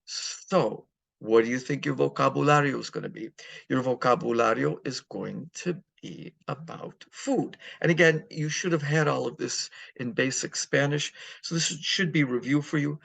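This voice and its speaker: A middle-aged man teaching a recorded Spanish lesson in a relaxed, halting way with many fillers. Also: mid-range voice, vocal fry. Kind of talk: recorded language lecture.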